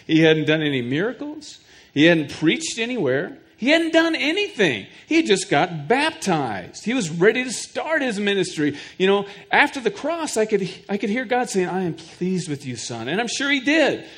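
A man's voice: high voice, sing-song, moderate pace, a bit bright. A middle-aged man preaching a sermon to his congregation. He talks earnestly, often repeats a word as he builds a point, and puts questions straight to his listeners. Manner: speaks directly to the congregation with questions. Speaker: pastor.

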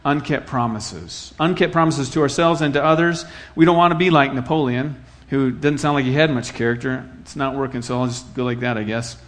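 A man's voice: medium pitch, fairly quick, few pauses. A middle-aged man from Iowa preaching a sermon in an earnest, conversational way, telling stories and repeating phrases for effect. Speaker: pastor.

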